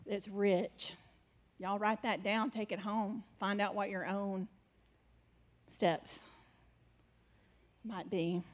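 Slow, chatty woman preacher. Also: mid-range voice, steady tone. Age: adult mother. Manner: chatty, laughing asides to the audience. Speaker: preacher sharing a vision. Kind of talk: conversational sermon.

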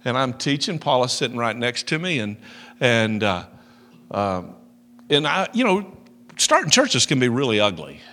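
A middle-aged man preaching a sermon, telling a story with loud emphasis and soft asides. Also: medium pitch, very animated, moderate pace. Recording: long reverb of a large hall.

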